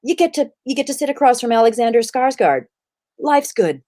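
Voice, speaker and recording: Animated woman telling stories. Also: fairly high pitch, brisk. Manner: animated, acts out quoted voices. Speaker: actress guest. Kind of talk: interview storytelling.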